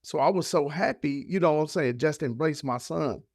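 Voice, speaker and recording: A man's voice: on the high side, moderate pace, breathy edge, dry recording, studio quality. A man, a podcast guest, telling an emotional personal story in casual, heartfelt speech. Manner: casual, heartfelt, acts out voices of family in his story.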